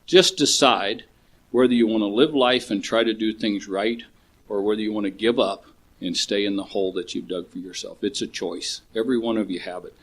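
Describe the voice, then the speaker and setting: A man's voice: fairly low pitch, steady tone, fairly quick, breathy edge. Blunt older man sharing at a meeting. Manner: blunt, swearing, storytelling. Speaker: speaker at a recovery meeting. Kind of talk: recovery meeting share.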